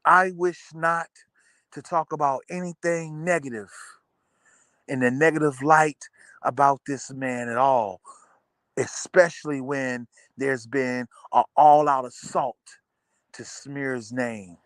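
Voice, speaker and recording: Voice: mid-range voice, fairly even intonation, slow, a bit bright, dry recording, clean studio sound. A live streamer ranting at their viewers in sarcastic commentary, mocking them and hammering points home by repeating phrases, with blunt, casual swearing.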